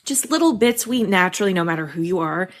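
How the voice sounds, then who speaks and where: A woman's voice: fairly low pitch, fast talker. Candid, laughing woman writing coach. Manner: candid and animated, swears and laughs often. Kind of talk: casual podcast conversation.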